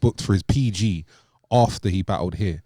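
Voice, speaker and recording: A man on a casual podcast, explaining in a measured way and dropping quiet at phrase ends. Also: deep voice, no room sound, studio quality. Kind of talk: casual chat.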